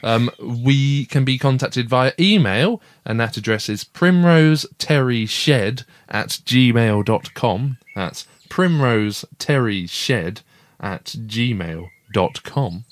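Dad chatting on a home podcast, laid back, mid pitch, dry close sound. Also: male voice, animated, takes it slowly, no room sound. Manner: easygoing, with fillers and chuckles. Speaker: podcast co-host, father. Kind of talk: casual family podcast chat.

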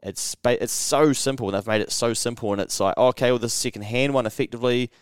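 New zealand man, podcast storyteller, swears a lot, smooth clear voice, dry close mic. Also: mid-range voice, quick pace, dry recording. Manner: swears freely, acts out quotes with animated voice jumps. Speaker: podcast co-host. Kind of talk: casual storytelling chat.

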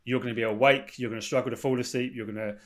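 A man's voice: medium pitch, steady tone, racing. A man, a sleep expert explaining things at length in a casual podcast chat, restating points as he goes. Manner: explanatory, repeats and rephrases points.

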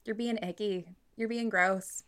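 A woman's voice: mid-range voice, fairly even intonation, unhurried. A young woman co-hosting a casual podcast about a book, blunt and joking, swearing freely. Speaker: podcast co-host. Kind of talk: casual book-club chat.

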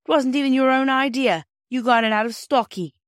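A woman's voice: on the low side, moderate pace, dry recording, studio quality, lightly acted. A woman reading aloud, voicing a bossy young boy who teases his sisters. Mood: indignant.

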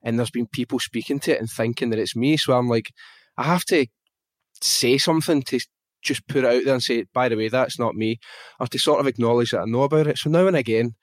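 This Glaswegian man, a podcast guest, talks quickly in a medium-pitched voice with no echo. He recounts a personal story with feeling and candor, casually and animatedly, cursing now and then.

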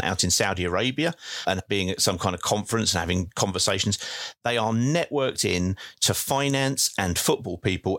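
A man's voice: lowish voice, a bit bright. A man co-hosting a podcast, talking football at length in a chatty, teasing way. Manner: chatty, teasing, long explanations. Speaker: podcast co-host. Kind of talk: casual football chat.

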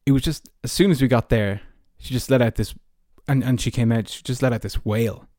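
A warm, medium-pitched voice at a slightly fast pace belongs to an Irish-accented podcast host in his early twenties, recorded in a clean studio with no room sound. He chats casually about his own life, rambling and using lots of "like" and "you know."

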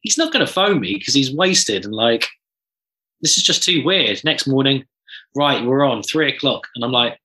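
Male drummer, bright voice, lively anecdotal chat, swears freely. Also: mid-range voice, moderate pace, low-quality recording. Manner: animated storyteller, swears casually. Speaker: drummer guest. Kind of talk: casual podcast chat.

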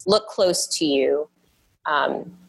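A woman's voice: low voice, slow, creaky, slightly rough. A woman guest on a podcast, talking in a casual, thoughtful way and often restarting and repeating words. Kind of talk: casual interview chat.

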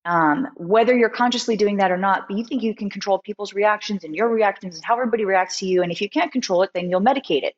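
Animated woman, dull lo-fi sound. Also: medium pitch, quick pace, hardly any pauses. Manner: animated storytelling with many fillers. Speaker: guest musician. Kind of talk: candid podcast interview.

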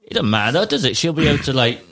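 A man's voice: medium pitch, big pitch swings, quick pace, a bit bright, no echo. A man putting on a smug Australian tradie. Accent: Australian, as put on. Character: vain, serious young Australian tradesman.

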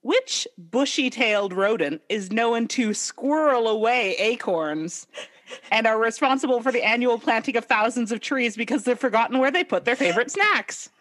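A woman's voice: on the high side, expressive, normal speed, fairly bright tone. A woman co-hosting a podcast in casual chat, reading out quiz questions and laughing often. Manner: giggly, playful, laughs a lot. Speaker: podcast co-host.

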